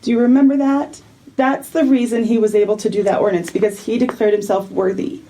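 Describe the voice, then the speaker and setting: A woman's voice: a little high, steady tone, fairly quick, warm tone, a little hiss or hum, low-quality recording. A woman in a church meeting, speaking firmly and directly and pressing her questions. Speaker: church member. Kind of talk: tense meeting conversation.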